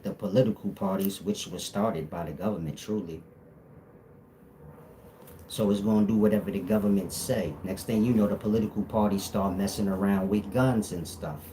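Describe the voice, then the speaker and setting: A man's voice: fairly low pitch, warm tone, a little hiss or hum. A man with an African American Vernacular English accent, speaking as a spiritual teacher to a live audience, blunt, profane and joking.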